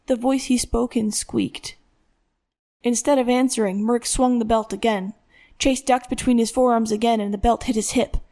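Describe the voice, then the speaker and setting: A woman's voice: a little high, fairly even intonation, moderate pace, warm tone. Woman reading a dramatic audiobook. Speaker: audiobook narrator. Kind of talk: scripted audiobook narration.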